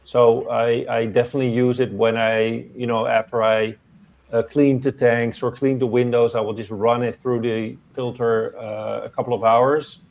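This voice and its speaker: Brief: practical man as a chat guest, plain mid-pitch voice, steady and calm. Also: normal speed, gravelly. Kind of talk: casual chat.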